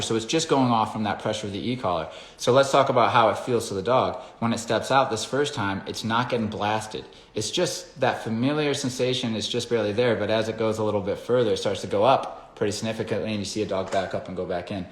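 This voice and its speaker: A man's voice: on the low side, reverberant. A man, a dog trainer, explaining his method in a casual lesson, blunt and swearing freely as he talks straight to viewers.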